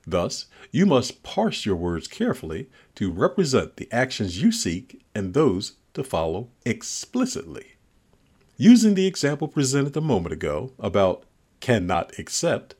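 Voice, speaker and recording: A man narrates a scripted lesson in a measured, instructional manner. His voice sits somewhat low and has a husky edge. The pitch moves a lot, landing firmly on key words. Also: darkish tone. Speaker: negotiation instructor.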